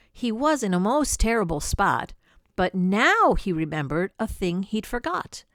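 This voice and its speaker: Brief: grandmotherly storyteller, slow and lively, dry close recording. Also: mid-range voice, no echo. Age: older. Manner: slow, lively, dramatic with whispered asides. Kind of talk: reading a picture book aloud.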